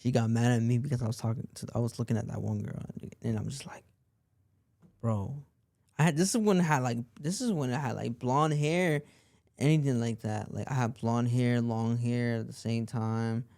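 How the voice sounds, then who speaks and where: A man's voice: mid-range voice, brisk, creaky, darkish tone, no room sound, clean studio sound. A young man hosting a podcast, telling a personal story in a rambling way and leaning on "like" and repeated phrases. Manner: rambling, repeats himself, lots of "like". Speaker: podcast host.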